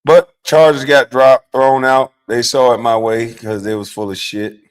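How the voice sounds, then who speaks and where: A middle-aged man hosting a livestream, telling stories in a casual, profane, animated way, dropping from low mutters to loud outbursts. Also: measured pace, clear, resonant tone. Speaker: livestream host.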